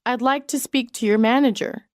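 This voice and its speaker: A woman reading business English sentences aloud in a measured, clearly enunciated way. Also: fairly high pitch, fairly even intonation, no room sound, clean studio sound. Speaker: English phrase reader. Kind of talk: slow read-aloud example sentences.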